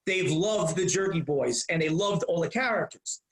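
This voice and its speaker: A man in his fifties, a comedian guest telling rambling, animated stories in a casual interview. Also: on the high side, moderate pace, echoey room, rough recording.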